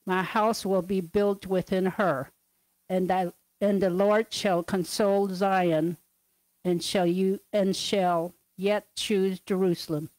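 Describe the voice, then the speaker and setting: A woman reading scripture passages and dates aloud over a video call, measured and careful. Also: mid-range voice, steady tone, darkish tone, no room sound, poor audio. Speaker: scripture reader.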